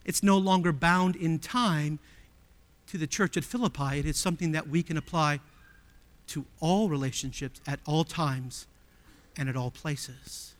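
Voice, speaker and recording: A male pastor preaching a sermon emphatically, with many rhetorical questions, swinging from loud appeals to hushed tones. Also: on the high side, a little slow, long reverb tail.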